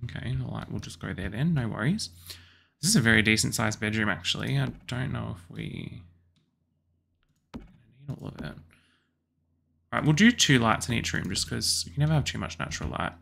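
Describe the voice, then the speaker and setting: A young Australian man chatting casually and excitedly as he builds a house in a video game, with lots of apologetic asides. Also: mid-range voice, moderate pace, vocal fry, long pauses, husky. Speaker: YouTuber building houses in a life-sim game. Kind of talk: casual gameplay commentary.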